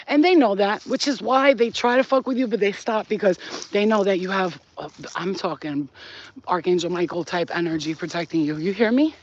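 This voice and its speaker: A woman's voice: mid-range voice, a little fast, highs cut off. A woman hosting a spiritual channel, talking casually to camera in a blunt, emphatic and profane way.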